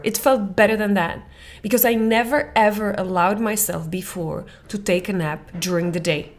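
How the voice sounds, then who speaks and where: A woman hosting a parenting coaching podcast, talking in an animated monologue that swings between soft near-whispers and excited laughing bursts. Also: mid-range voice, moderate pace.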